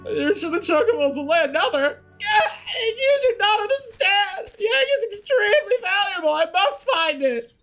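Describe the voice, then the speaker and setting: A man voicing a frantic, fussy male chocobo breeder with a put-on French accent, high-strung and melodramatic. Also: big pitch swings, normal speed, hardly any pauses, a bit bright, faint music behind, heavily acted. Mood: distraught.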